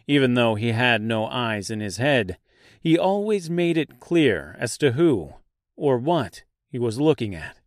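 Slow, measured male audiobook narrator. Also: medium pitch, sing-song, no echo, studio quality. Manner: measured storyteller reading. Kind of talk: scripted narration.

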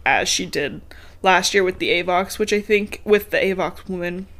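A woman's voice: lowish voice, moderate pace, a bit bright. A woman, chatting casually on a podcast as she recaps a book, laughing often and swearing freely. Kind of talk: casual chat.

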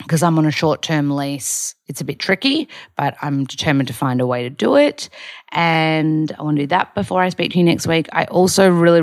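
A woman's voice: deep voice, fairly bright tone, no room sound, clean studio sound. A young Australian woman chatting candidly in a casual video diary, rambling with lots of fillers. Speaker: vlogger. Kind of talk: casual diary-style chat.

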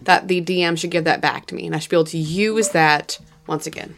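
A woman's voice: lowish voice, steady tone, quick pace, slight background noise. A woman playing a tabletop game, chatty and playfully argumentative in casual talk with the group. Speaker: player.

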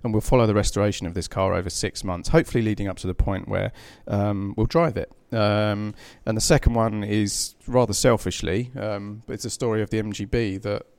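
Gravelly-voiced male magazine editor. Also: on the low side, fairly even intonation, fairly quick, few pauses, darkish tone. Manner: chatty, many fillers and restarts. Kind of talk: casual panel chat.

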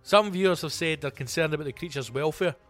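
A man's voice: fairly high pitch, fast, a bit bright, soft background music. A man hosting a comedy podcast, reading odd news stories aloud with sweary, sarcastic asides. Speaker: podcast host. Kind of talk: comic podcast monologue.

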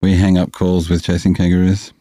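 A man's voice: low voice, flat delivery, fairly quick, warm tone, no room sound. A man co-hosting a podcast, giggling and teasing as he talks. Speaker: podcast co-host. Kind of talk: casual podcast chat.

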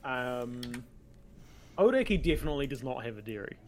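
A man hosting a podcast game show in relaxed, casual chat full of "um" fillers. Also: mid-range voice, fairly quick, slight background noise. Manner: relaxed, many "um" fillers, informal.

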